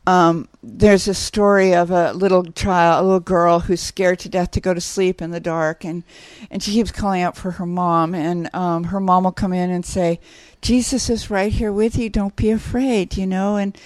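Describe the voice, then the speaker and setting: A woman's voice: lowish voice, level tone, moderate pace, hardly any pauses, no echo. A woman guest in a casual podcast conversation, telling stories in a rambling way with many restarts and easy laughter.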